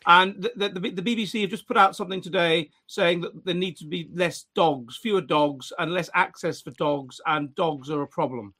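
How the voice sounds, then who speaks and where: A man's voice: a little high, normal speed, hardly any pauses, bright, forceful tone. A middle-aged man hosting a casual chat show, rambling with frequent restarts and dry humour. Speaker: podcast host.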